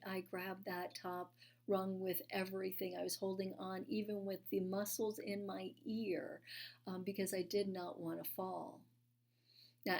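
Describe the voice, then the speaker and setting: A woman speaking from the pulpit at a mid-range pitch, telling a personal story in an earnest, conversational way. She pauses often on small fillers and sometimes drops to a hushed, near-whispered tone for emphasis. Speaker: speaker at a spiritual church.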